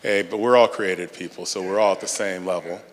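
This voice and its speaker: A man with a lowish voice answers questions from the audience at a conference. His delivery is measured and emphatic. The sound rings through a large hall with a long reverb. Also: fairly even intonation, slight background noise. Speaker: conference speaker. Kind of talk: Q&A talk at a church conference.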